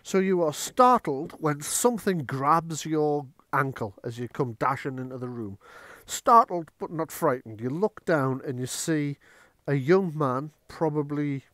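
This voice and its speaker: A man's voice: a little high, lively intonation, a little slow, hardly any pauses, a bit bright, no echo, clean studio sound. A man running a tabletop horror game as game master, chatty, with many fillers and restarts.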